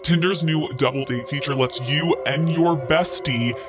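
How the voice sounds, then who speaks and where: A man's voice: on the high side, measured pace. Man reading an ad over music. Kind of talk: scripted ad read.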